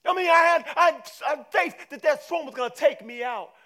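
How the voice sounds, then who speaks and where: A frantic disciple shouts in panic above a storm, as a preacher puts him on, his voice jumping very high and loud. He talks in quick, breathless slang. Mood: panicked.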